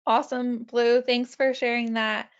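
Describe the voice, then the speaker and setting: A woman moderating a panel discussion, unhurried as she hands off to the panelists. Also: fairly high pitch, little pitch movement, smooth. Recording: slightly dull lo-fi audio.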